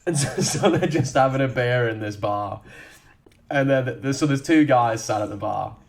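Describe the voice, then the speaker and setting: Sweary excitable man retelling a film. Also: medium pitch, normal speed, creaky. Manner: sweary, excitable, laughing often. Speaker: podcast co-host. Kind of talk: casual chat.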